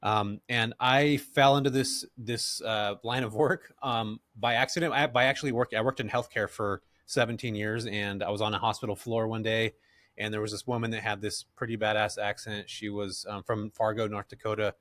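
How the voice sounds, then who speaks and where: A middle-aged man from California, a podcast guest who tells stories in a relaxed, slangy way and laughs often. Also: fairly low pitch, moderate pace, no room sound. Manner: laid-back, slangy, animated, laughs often. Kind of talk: casual interview storytelling.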